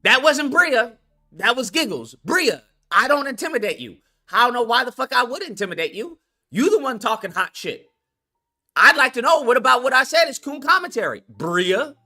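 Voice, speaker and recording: A man's voice: extremely high pitch, very animated, moderate pace, bright, forceful tone, soft background music. A man hosting a live stream, ranting in a heated, mocking and profane way, taunting a viewer to call in.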